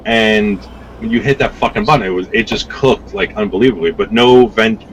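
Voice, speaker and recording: Rambling, cussing man with a lowish voice. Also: a little fast, slight background noise, rough recording. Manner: rambling, profane, repeats himself. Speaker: podcast guest. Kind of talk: casual storytelling chat.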